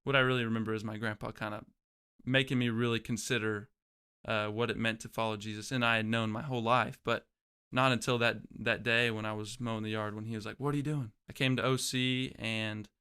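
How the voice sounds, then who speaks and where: A man's voice: lowish voice, fairly even intonation, fairly quick, pushed and bright, clean tone. A young man, a guest in an interview, telling his own story in a reflective way and often restarting his phrases. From Oklahoma, USA. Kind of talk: casual personal storytelling.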